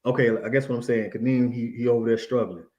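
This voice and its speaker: A man's voice: medium pitch, steady tone, quick pace, dark tone. A man co-hosting a casual talk, reflecting on his own story with slang and frequent "you know what I'm saying". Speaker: co-host.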